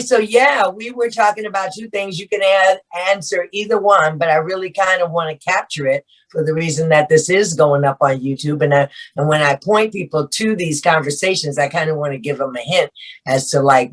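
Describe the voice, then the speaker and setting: A woman's voice: sits low, a little fast, rough recording. An older woman, a grandmother figure, hosting a casual group video call and asking questions with affectionate, familiar talk. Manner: warm-hearted, calls people baby and darling. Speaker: host and film matriarch.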